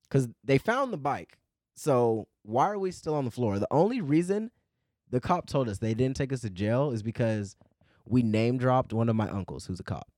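A man in casual chat who tells stories in an animated way and swears a lot. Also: mid-range voice, no echo, clean studio sound.

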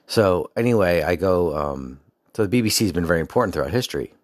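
A man in his forties from the United States tells a rambling personal story as a casual monologue, full of fillers and digressions. He talks fast in a low, animated voice, recorded with clean studio sound and no echo.

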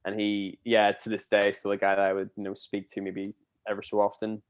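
A man's voice: on the low side, a little fast, clear, resonant tone. A man in his twenties, a podcast guest and former theme park cast member, rambling through casual anecdotes. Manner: chatty, rambling, animated when telling stories.

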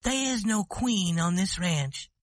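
Man playing high, lively young ranch woman, storybook read-aloud, dry close sound. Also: slow pace, dry recording. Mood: tender. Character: young female ranch owner, tender and commanding.

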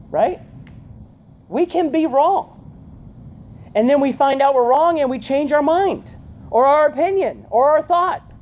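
A woman giving a conversational youth sermon, often checking in with her listeners with a quick "right?". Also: high-pitched, a little mellow, slight background noise. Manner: chatty, keeps asking "right?". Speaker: youth pastor.

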